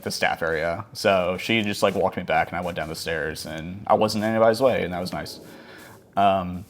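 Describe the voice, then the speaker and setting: A man telling a casual story over gameplay, rambling along with many fillers like "like" and "um". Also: low-pitched. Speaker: gaming channel host.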